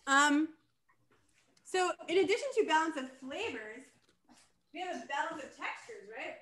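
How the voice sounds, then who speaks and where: High bright playful woman musing aloud. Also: lively intonation, moderate pace. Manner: playful, muses aloud with what-ifs. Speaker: co-host. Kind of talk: casual chat on a cooking stream.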